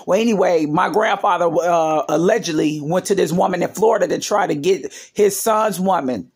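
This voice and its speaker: A woman's voice: lowish voice, moderate pace, gravelly, darkish tone, husky. A woman vlogger telling family stories in a rambling, casual way, with many fillers and side remarks. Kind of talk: casual storytelling vlog.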